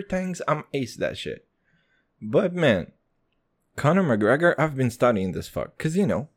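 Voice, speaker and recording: Dude from kazakhstan ranting on his podcast, cusses a ton, voice jumps all over. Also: lowish voice. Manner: profane, rambling, excitable. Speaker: podcast host. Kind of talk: casual solo podcast rant.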